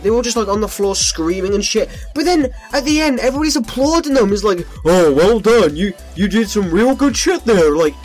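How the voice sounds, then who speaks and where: A man doing profane reaction commentary as a vlogger, ranting and incredulous with heavy swearing. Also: fairly high pitch. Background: faint background music.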